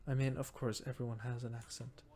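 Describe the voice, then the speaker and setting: Fairly quick and level in tone, this gamer from Norway has a mid-range, darkish voice. Norwegian is his first language, and his casual gameplay commentary is murmured, thinking-aloud musing with a self-deprecating edge.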